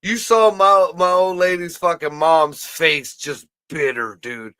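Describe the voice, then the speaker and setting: A man ranting and joking in casual profane chat, crude and animated, with lots of swearing. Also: fairly high pitch, takes it slowly, clear, resonant tone, no echo. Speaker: podcast co-host.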